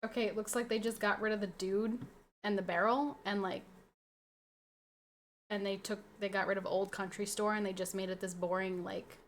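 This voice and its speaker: Young woman streamer ranting away at chat, animated, swears a lot. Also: medium pitch, moderate pace, a little hiss or hum. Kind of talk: casual livestream chat.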